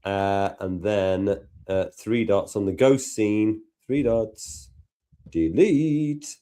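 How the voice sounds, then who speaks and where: A man with a Liverpool accent presenting a live tutorial in a relaxed, self-deprecating way. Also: fairly low pitch, very slow. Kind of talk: casual live tutorial chat.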